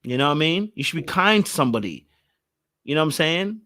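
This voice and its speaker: Animated man reacting. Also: on the high side, fast. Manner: animated, exclaiming, repeats phrases. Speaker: reaction channel host. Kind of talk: reacting to a reality show.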